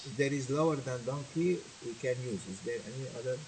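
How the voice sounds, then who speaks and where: A man's voice: mid-range voice, brisk, a little mellow, a little hiss or hum, poor audio. A man teaching a sermon, moving between languages and asking his listeners questions. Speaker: religious teacher. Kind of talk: sermon with translation.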